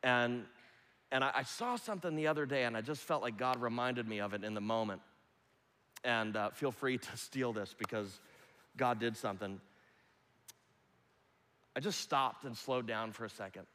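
A man preaching a sermon, with loud rising appeals that drop to hushed, almost whispered lines. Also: medium pitch, moderate pace, pauses often. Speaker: pastor. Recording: long reverb of a large hall.

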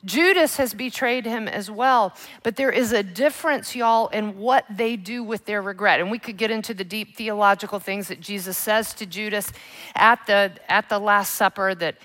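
A woman's voice: mid-range voice, moderate pace, fairly bright tone. Woman, Bible teacher; earnest and emphatic, dramatic scripture reading.

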